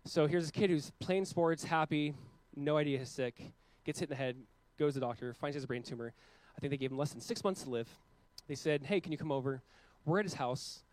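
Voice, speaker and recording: A man in his thirties preaching a sermon as a pastor, earnest, with loud emphatic peaks and quiet, slowed passages. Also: a little high, dry recording, poor audio.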